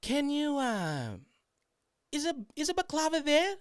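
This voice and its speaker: A man's voice: extremely high pitch, huge pitch swings, measured pace, no room sound, studio quality, voice pushed up, exaggerated voice. A man voicing an older woman passenger who speaks broken, hesitant English full of ums. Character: older immigrant woman passenger, scatterbrained and eager.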